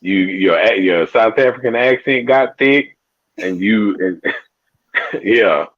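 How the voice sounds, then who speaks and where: A man's voice: fairly low pitch, takes it slowly, muffled recording. A man on a podcast, joking around and teasing the host in banter. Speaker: podcast guest. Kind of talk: casual chat.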